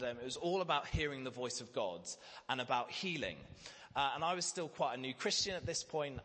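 A man's voice: mid-range voice, pushed and bright. A man preaching a sermon, telling a candid, self-deprecating personal story. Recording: reverberant church hall.

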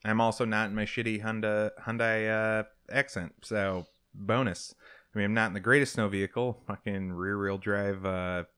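A man's voice: lowish voice, steady tone, normal speed, a bit bright, clear, resonant tone. A man co-hosting a casual show, telling a long, profane anecdote in a loose, chatty way. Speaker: co-host. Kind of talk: casual storytelling chat.

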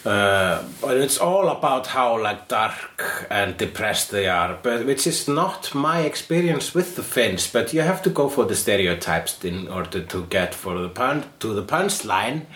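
A man with an Icelandic accent chatting casually as a comedian co-host, halting with lots of fillers. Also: on the low side, animated, fairly bright tone, roomy sound. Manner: rambling, halting with many fillers. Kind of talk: casual chat.

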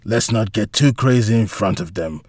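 Man doing an icy lady crime boss, low and calm, scary. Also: moderate pace, close to an everyday voice. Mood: cold menace. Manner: cold, calm, menacing. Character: cold, menacing female crime boss.

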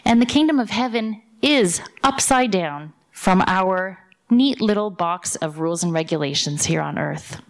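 A woman preaching a sermon, retelling a parable and a modern story in a lively storytelling way. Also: mid-range voice. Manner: lively storyteller, voicing characters in quotes.

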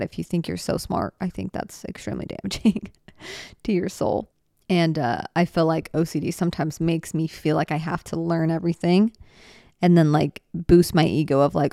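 A woman's voice: on the low side, gravelly, a little mellow, no room sound, studio quality. A woman in her twenties hosting a solo podcast, talking in an earnest, rambling, heartfelt way, cutting herself off and restarting, tearful at times. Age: 20s. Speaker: podcast host. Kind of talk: casual solo podcast talk.

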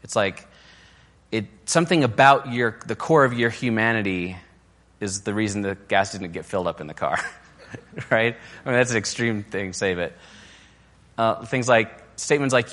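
A man with a fairly low voice talks through a sermon on marriage, loose and conversational, with frequent restarts. His voice rings through a big hall with a long reverb tail. Now and then he lifts his pitch to mock a nagging spouse. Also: lively intonation, moderate pace, fairly bright tone. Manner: casual and conversational, with fillers and restarts; acts out quoted criticisms in a raised, mocking voice.

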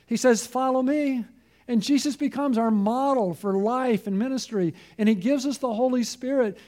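Pastor, male, high voice with a soft mellow tone, earnest persuasive preaching. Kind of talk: sermon.

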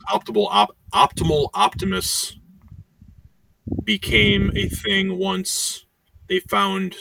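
Gravelly bright-voiced man, far from mic. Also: sits high, slight background noise. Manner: rambling, many "you know" fillers. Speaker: podcast co-host. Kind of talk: casual chat. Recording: voice distant from the mic.

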